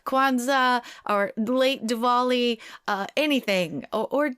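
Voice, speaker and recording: A woman co-hosting a podcast in casual chat, playful and lively, with quick excited asides. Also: on the high side, clean tone, dry recording, studio quality. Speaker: podcast co-host.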